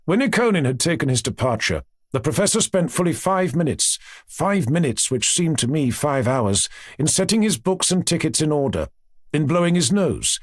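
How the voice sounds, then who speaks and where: A man reading a classic novel aloud in an expressive, measured storytelling manner. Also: a little high, dry recording, studio quality. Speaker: audiobook narrator. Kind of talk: scripted narration.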